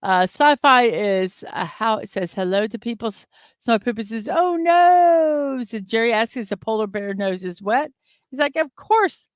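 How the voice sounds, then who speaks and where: This host of a casual daily morning livestream has a smooth, mid-range voice at a moderate pace. She chats through a word puzzle, reading viewer comments out and saying um and uh often, recorded on a desk microphone in studio quality with no echo.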